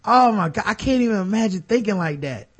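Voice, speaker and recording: Animated high-voiced man chatting. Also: fast talker, breathy edge. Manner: animated storytelling, acts out quotes. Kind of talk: casual chat about basketball.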